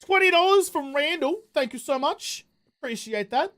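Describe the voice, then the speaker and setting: A man's voice: very high voice, expressive, normal speed, a bit bright. A man with an Australian accent, chatting casually and jokily with his live-stream audience as he plays a game, rambling and throwing in slang and the odd swear.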